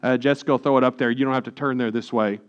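A man preaching a sermon as pastor, reading scripture slowly and putting questions to the congregation. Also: medium pitch, steady tone, smooth, dull audio.

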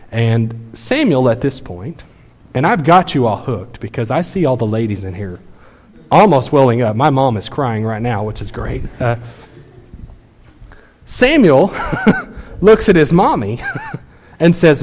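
A man's voice: mid-range voice, expressive, unhurried, pauses often, a little mellow. A man in his thirties preaching a sermon, telling a family story in a conversational way with many fillers. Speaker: pastor. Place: church sanctuary. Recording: long hall reverb.

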